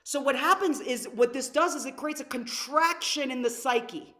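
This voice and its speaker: A woman leading a live online workshop who teaches with energy and keeps putting questions to her audience. Her voice sits a little high. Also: moderate pace, sharp tone. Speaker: workshop leader.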